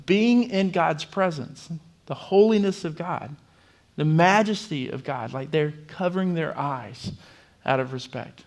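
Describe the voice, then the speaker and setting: A man preaching a sermon as pastor, in a conversational way with frequent fillers and restarts. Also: a little high. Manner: conversational, with fillers and repeated words. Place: church.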